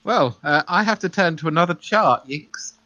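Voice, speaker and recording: A man acting as game master for an online tabletop horror game, drawn-out and dryly amused. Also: fairly high pitch, animated, sharp tone, dull audio.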